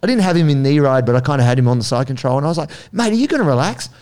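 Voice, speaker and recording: A man's voice: mid-range voice, very fast, clean tone. A man with an Australian accent, casually telling a story and acting out the voices in it. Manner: animated, acts out voices in anecdotes.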